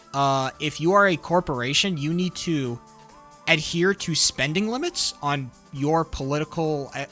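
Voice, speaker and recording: Man, bright voice, profane rambling rant, faint music behind. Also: a little high. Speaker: livestreamer. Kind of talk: casual political rant while gaming.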